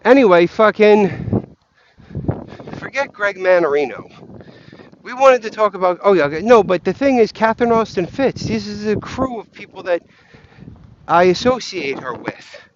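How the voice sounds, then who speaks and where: High-voiced man ranting on a windy walk. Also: expressive, moderate pace, muffled recording. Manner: profane, scattered, easily distracted. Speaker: vlogger. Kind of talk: rambling walk-and-talk rant.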